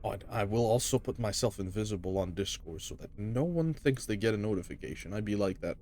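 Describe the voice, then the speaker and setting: A man's voice: lowish voice, a little fast, warm tone, slight background noise. A man giving casual commentary while playing a game, chatty with muttered asides, on a desk microphone. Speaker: gamer.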